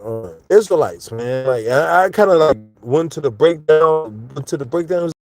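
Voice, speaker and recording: A man's voice: fairly high pitch, moderate pace, soft background music. A man telling a personal story in a casual, rambling way, full of fillers and restarts.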